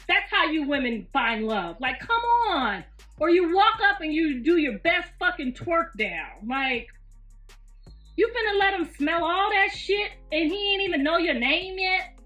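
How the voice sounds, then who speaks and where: Her voice is extremely high and sharp-toned, very animated yet a little slow. She's a woman in her fifties hosting a casual livestream from home, laughing and cursing freely as she speaks bluntly, captured in a distant, roomy, slightly muffled recording with faint music.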